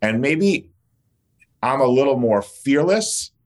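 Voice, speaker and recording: A man's voice: medium pitch, expressive, slow pace. A male dentist and educator talking in a casual interview, blunt, fired-up and openly emotional.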